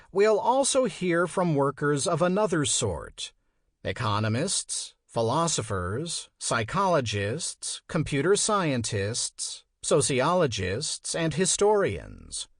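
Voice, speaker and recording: A man reading a nonfiction audiobook as narrator in a measured, scripted delivery, slowing down to stress key phrases, recorded close on a studio mic. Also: medium pitch, no echo.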